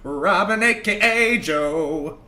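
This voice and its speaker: Young male streamer, high bright voice, excitable and joking, echoey room sound. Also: slow, slight background noise. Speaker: streamer and co-host. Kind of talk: casual livestream chat.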